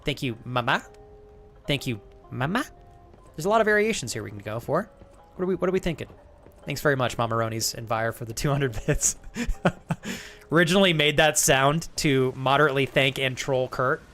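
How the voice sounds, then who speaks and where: A man's voice: mid-range voice, animated, a little fast, fairly bright tone, soft background music. A man live-streaming a game, joking crudely with chat and thanking viewers as he plays. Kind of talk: live gaming stream banter.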